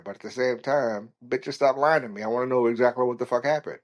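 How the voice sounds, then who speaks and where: A man's voice: medium pitch, fairly quick, few pauses. A man hosting a solo podcast, talking casually in a rambling, blunt and foul-mouthed way. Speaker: podcast host.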